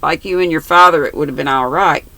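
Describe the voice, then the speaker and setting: A grandmother voicing an earnest, shy and blunt little boy who talks gravely in a storybook reading. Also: sits low, fast talker, bright, forceful tone, no room sound.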